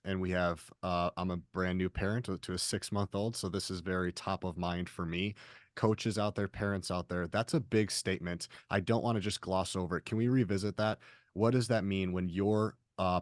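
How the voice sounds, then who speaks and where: A man hosting a podcast with a very low, deep voice. He asks his questions earnestly and eagerly. The recording is dry and close, with no room sound. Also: no echo. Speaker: podcast host. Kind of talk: interview questions.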